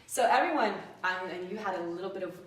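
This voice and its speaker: Animated woman lecturing in an echoey room. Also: mid-range voice, fast talker, far from the mic. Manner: animated, demonstrates sounds aloud. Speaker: acting professor and dialect coach. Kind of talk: lecture talk. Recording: echoey room, picked up from afar.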